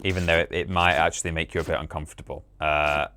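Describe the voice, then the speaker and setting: A man's voice: extremely low pitch, level tone, fast, bright, forceful tone, slight background noise. A man chatting amusedly as he plays through a game on a livestream, rambling and correcting himself. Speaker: livestream host playing a game. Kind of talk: casual gameplay commentary. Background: faint game music.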